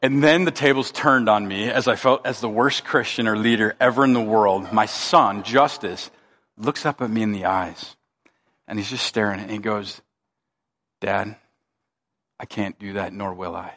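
A man, a pastor, telling a story in a sermon in an animated, self-mocking way, stumbling and restarting often. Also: fairly low pitch, normal speed, long reverb tail. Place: church auditorium.

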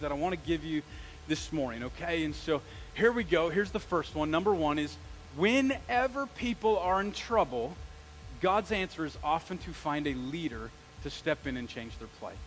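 A pastor delivers his sermon in a high, bright-pitched man's voice, moving between casual asides and rising emphasis. He talks straight to his congregation, full of questions and slang. A faint noise sits under the recording. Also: rough recording. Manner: animated, conversational preaching with rhetorical questions and slang. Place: church sanctuary.

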